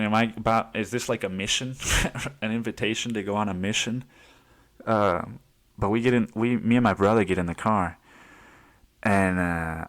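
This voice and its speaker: Low-voiced man rambling through a story. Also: fairly bright tone. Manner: rambling, laughs often, swears freely. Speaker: podcast host. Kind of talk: casual storytelling monologue.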